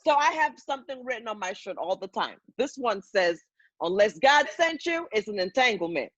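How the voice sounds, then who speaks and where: A woman's voice: medium pitch, sing-song, normal speed, no echo. Comedian, woman, loose and profane storyteller, dull video call audio.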